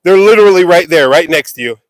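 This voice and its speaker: Livestreaming on a phone while working a windy farm, a sweaty, breathless man keeps up animated, quick, self-deprecating chatter in a voice that sits high. It's a casual live vlog. The recording has studio quality and no room sound.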